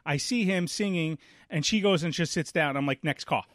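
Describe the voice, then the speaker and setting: Animated profane New storyteller man. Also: fairly high pitch, moderate pace, dry recording, clean studio sound. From Brooklyn, New York. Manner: animated, profane, acts out quoted voices. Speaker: podcast co-host. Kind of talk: casual chat, storytelling.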